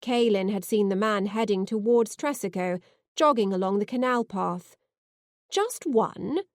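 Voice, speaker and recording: A woman narrating a science fiction novel in the first person, expressive and heartfelt. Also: medium pitch, normal speed, dry recording, studio quality. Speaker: audiobook narrator.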